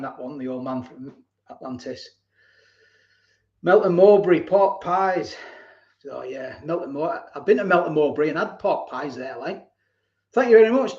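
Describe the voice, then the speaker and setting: A man's voice: on the high side, darkish tone. A man, hosting a casual live stream, reading out viewer comments and laughing often as he reminisces. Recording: roomy, slightly dull live-stream audio.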